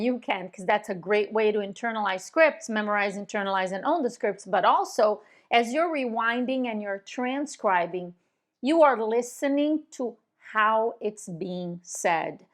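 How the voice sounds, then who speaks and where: A woman's voice: animated, unhurried, a bit bright. A middle-aged woman coaching real estate agents in an instructional video, talking confidently and emphatically. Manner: confident, emphatic, demonstrates tone with sudden pitch jumps.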